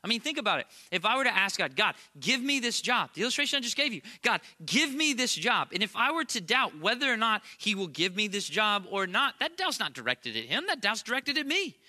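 A man's voice: high voice, big pitch swings, fast talker, hardly any pauses, pushed and bright. A man in his thirties preaching a sermon in a conversational, emphatic way, with playful asides. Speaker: pastor.

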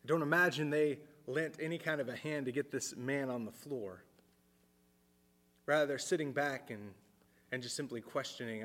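A man preaching a sermon in an earnest way, repeating words as he thinks aloud and dropping his voice low for emphasis. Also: normal speed, a bit bright, in a large hall. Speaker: pastor.

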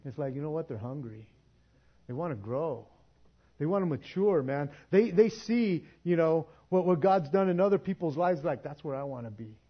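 A man preaching in a church, talking casually and conversationally, with a slightly high voice. He stumbles and restarts his words and laughs as he goes. The recording sounds dull and lo-fi. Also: lively intonation, moderate pace. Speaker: pastor. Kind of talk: sermon.

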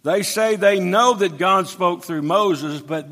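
A man's voice: high voice, slow, fairly bright tone. A man preaching an expository sermon, reading scripture aloud and explaining it verse by verse. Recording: long hall reverb.

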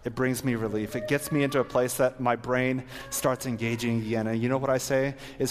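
A man preaching an earnest sermon to a live audience, then leading a prayer. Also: medium pitch. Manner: earnest, exhorting, ends in prayer. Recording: long hall reverb.

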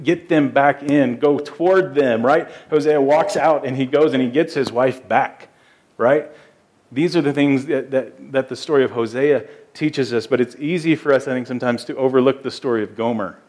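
A man's voice: mid-range voice, darkish tone. Male pastor, mid-range voice, delivering an earnest, emphatic sermon. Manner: earnest, emphatic preaching with repeated words.

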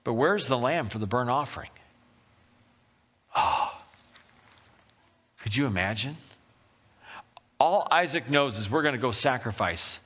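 A male pastor delivers a sermon with a bright, forceful tone. He retells the story vividly, slipping into the characters' voices as he goes. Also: medium pitch, measured pace, long pauses. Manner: animated storytelling, acting out voices.

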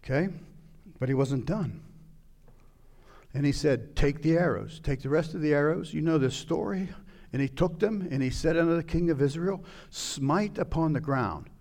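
A man preaching a sermon, retelling a scripture story and acting out its scenes with sudden loud outbursts. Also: on the high side, moderate pace. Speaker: pastor.

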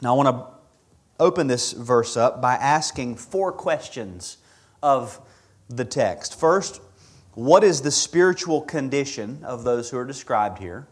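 A man preaching an expository sermon, measured and emphatic, repeating key words for stress. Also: mid-range voice, expressive.

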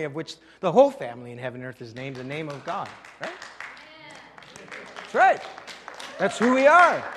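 A French Canadian pastor preaching a sermon, leaning hard on key phrases with loud emphasis and then dropping low and quiet. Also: male voice. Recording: long hall reverb.

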